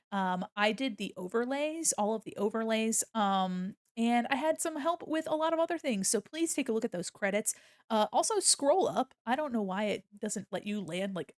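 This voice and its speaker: A woman streamer in casual live-stream chat, playfully yelling mock insults at her chat between friendly thank-yous. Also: medium pitch, dry recording, clean studio sound.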